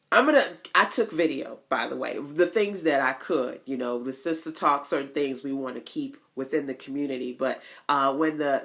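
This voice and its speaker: A woman coaching online business owners in a casual motivational vlog, telling stories with folksy asides and sudden jumps to a much higher voice. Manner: chatty, animated storytelling with big pitch jumps.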